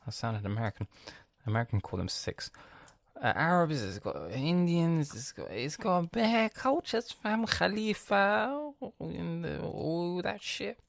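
A man's voice: fairly high pitch, a little slow, gravelly, dry recording, clean studio sound. A young man with a London accent ranting casually on his podcast, swearing and acting out his family with lots of slang. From England. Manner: animated storytelling with slang and swearing, acts out family members.

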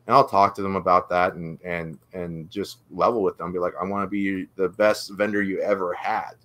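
Low-voiced man chatting eagerly. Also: steady tone, moderate pace, a bit bright. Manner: enthusiastic, goes on and on. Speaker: guest vendor. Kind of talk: casual chat.

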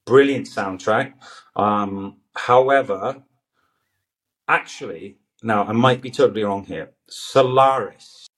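A man's voice: on the low side, takes it slowly, a bit bright. A man in his forties, a guest actor in a casual podcast chat, rambling and hesitant with many restarts and fillers.

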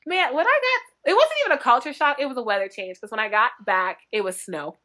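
A young woman from North Dakota, a book blogger guest telling animated stories in casual interview chat, laughing often. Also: a little high, quick pace.

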